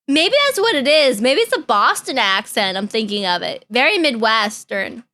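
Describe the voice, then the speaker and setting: A woman's voice: on the high side, big pitch swings, normal speed, hardly any pauses, bright, forceful tone. A woman streamer, chatting casually and giggling as she reacts to videos. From Canada.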